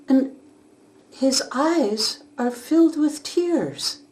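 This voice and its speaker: A woman narrating a storybook with an expressive, unhurried delivery. Her voice is very high and sing-song, and she takes her time over each phrase.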